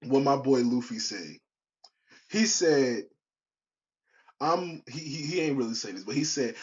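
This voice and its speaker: A young man talks slowly through a solo podcast, loose and slangy, often stopping to restart a thought. His voice sits at an ordinary pitch. The sound is dull and lo-fi. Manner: rambling, relaxed, slangy with restarts. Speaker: podcast host. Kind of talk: casual solo podcast chat.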